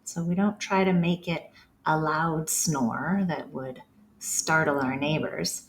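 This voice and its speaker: A woman gently leading a guided breathing practice, with slow, soothing instructions. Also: low-pitched, fairly even intonation, a little hiss or hum.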